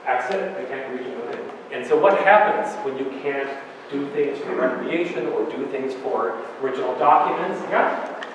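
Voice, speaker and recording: A man's voice: medium pitch, normal speed. A man in his fifties, out of breath, hosting a public talk as library director, chatty and joking with the audience. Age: 50s. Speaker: library director and event host. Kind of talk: welcoming remarks at a public talk. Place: lecture room in a historical society. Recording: echoey hall recorded from far off with noise.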